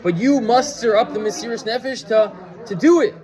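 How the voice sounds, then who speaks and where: A man with a fairly high voice teaches a class in a loose, chatty way, stumbling through restarts and throwing questions at his listeners. Audience noise can be heard around him in the room. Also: expressive, brisk, a crowd in the background. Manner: conversational, full of fillers and restarts, asks the listeners questions. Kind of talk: informal Torah lecture with storytelling.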